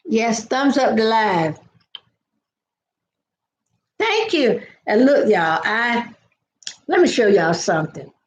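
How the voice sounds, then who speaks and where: Older woman, live-stream host, slightly high voice, roomy echo. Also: big pitch swings, slow pace, long pauses, highs cut off, slight background noise. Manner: chatty, greets viewers by name, storytelling asides. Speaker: livestream host. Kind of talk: casual live chat with viewers.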